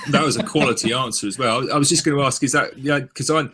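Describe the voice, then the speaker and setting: A man's voice: mid-range voice, quick pace, noisy background. An Englishman with an English accent, co-hosting a podcast in a dry, joking casual chat. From England. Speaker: podcast co-host.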